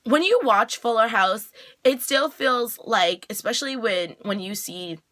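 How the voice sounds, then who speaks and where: Bright, chatty woman recapping TV. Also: a little high, a little slow. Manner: chatty, lots of "like" fillers, acts out the characters' lines. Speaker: TV reaction vlogger. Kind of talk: casual episode recap.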